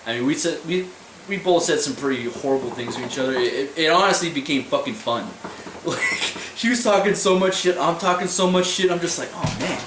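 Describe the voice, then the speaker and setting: In a casual vlog, a young man whose voice runs on the high side and a little fast wanders through a story, cursing and repeating "I was like" constantly. Sound quality: echoey room, far-off mic, faint noise.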